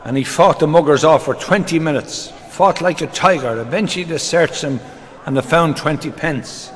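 An older man doing stand-up, telling a run of jokes in a brisk, deadpan storytelling manner. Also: on the high side. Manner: brisk deadpan storytelling, dropping into quoted voices. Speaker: comedian. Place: live stage before an audience. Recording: reverberant live hall with crowd. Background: audience laughter.

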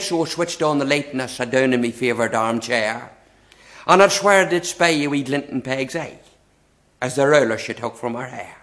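A man's voice: medium pitch, moderate pace, fairly bright tone, slight background noise. A man reciting a comic poem in a lilting storytelling way, chuckling through the lines. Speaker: performer reciting comic verse.

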